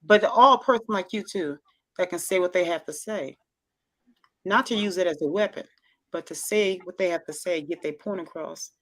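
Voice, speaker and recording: A woman with a Southern accent hosting a casual chat, effusive and expressive, often repeating herself. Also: on the low side, normal speed. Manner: loud and expressive by her own account. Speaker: talk show host.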